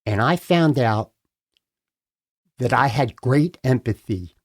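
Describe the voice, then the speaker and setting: A man from Philadelphia talks slowly and deliberately as a podcast guest. He is earnest and heartfelt, and he leans hard on his main points. His voice sits at an ordinary middle pitch. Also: expressive. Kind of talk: casual interview chat. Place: podcast studio.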